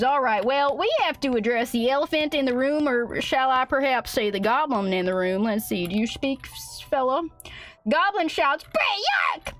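A young woman streaming a game, reading its text aloud and chatting in a hammy, folksy put-on cowboy drawl. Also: high-pitched. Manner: reads game text aloud, laughs often. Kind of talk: playful let's-play commentary. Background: faint game music.

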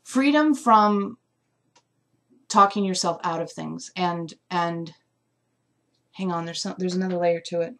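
Low-voiced woman musing through a reading. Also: a little slow, pauses often, a bit bright. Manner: musing, searching for words with many fillers; emotional, close to tears. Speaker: essential oil reader. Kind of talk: live intuitive reading.

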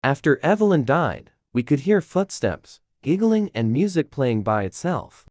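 A young woman voicing a grieving middle-aged father, reading game notes aloud in a slow, halting way. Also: low-pitched, very animated, a little mellow, no room sound, clean studio sound, pitched below the performer's own voice. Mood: grave. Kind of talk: game dialogue read aloud.

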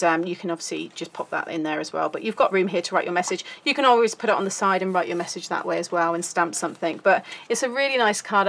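A woman's voice: on the low side, a bit bright. A British woman hosting a craft tutorial, chatty and giggly, rambling a little as she talks through her work. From United Kingdom. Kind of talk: casual craft tutorial chat.

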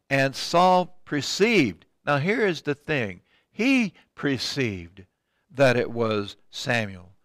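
A man's voice: mid-range voice, fairly bright tone, clean tone, dry recording, studio quality. An older man teaching a Bible study, reading scripture aloud and commenting in a conversational way, with frequent ums and restarts.

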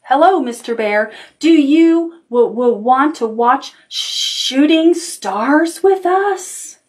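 A woman's voice: sing-song, measured pace. A woman doing timid little storybook rabbits. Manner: high and nervous, stammering.

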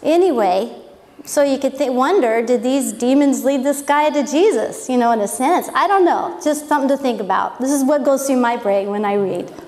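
A woman teaching the Bible gives an informal lesson in a church hall, chatty and wondering aloud. Her voice is high-pitched, animated and darkish in tone, at normal speed, and the hall is echoey with long reverb.

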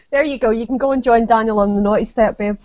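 A woman's voice: fairly high pitch, darkish tone, no echo, muffled recording. A woman co-hosting a casual live-streamed chat, playfully teasing and often giggling. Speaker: co-host.

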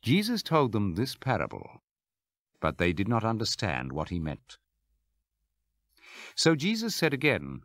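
A man narrating scripture for an audio Bible with a measured, even delivery. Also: on the low side, no echo. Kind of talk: scripture reading.

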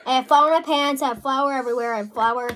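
Her voice sits high and fairly bright, and she talks fast over slight background noise. Indoors at her work table, the vlogger chats through a messy crafting video, apologizing in a fluster as mishaps pile up.

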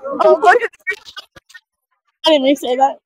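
A woman's voice: high voice, sing-song, normal speed, dry recording, rough recording. A teenage girl cheerleader chatting playfully and giggling on a clip-on mic at an outdoor football game. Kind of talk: casual chat.

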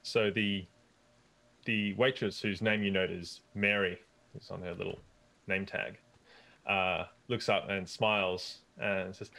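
A man narrating as game master in a casual, halting way. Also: low voice, little pitch movement, vocal fry, sharp tone.

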